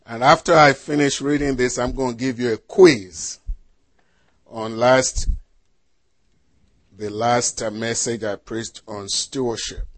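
A man's voice: mid-range voice, fairly even intonation, a bit bright, no echo. A man preaching as a pastor, reading scripture and quizzing his congregation with questions. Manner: slow, deliberate delivery with rhetorical questions to the congregation.

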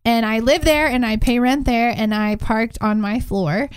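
A woman co-hosting a casual chat show, telling a story in an animated way and laughing often. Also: fairly high pitch, moderate pace, clean tone, no room sound. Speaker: co-host.

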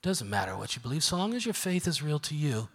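A middle-aged man preaching a sermon as pastor, emphatic and swinging from quiet talk to shouting. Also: on the high side, big pitch swings, fast, slightly rough. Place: church sanctuary. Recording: reverberant sanctuary.

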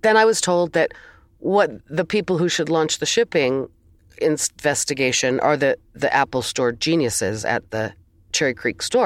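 A woman's voice: low voice, expressive, normal speed, dry recording. A woman co-hosting a casual chat, telling a long exasperated story with sighs and the odd swear.

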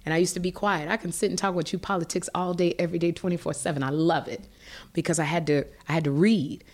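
A middle-aged woman, a guest in an interview, telling a personal story in an animated, emotional way with frequent restarts. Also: fairly low pitch, fast talker.

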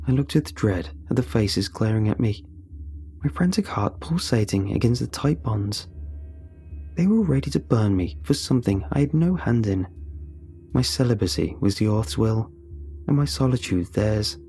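A man narrating a first-person audiobook in a steady, dramatic storytelling manner. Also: lowish voice, moderate pace, slight background noise.

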